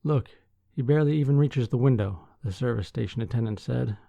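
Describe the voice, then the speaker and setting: Gravelly, sleepy man reading the news. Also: medium pitch, fairly quick, mellow, no room sound, dull audio. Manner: reads articles aloud with dry asides. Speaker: podcast host. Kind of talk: casual news-reading podcast.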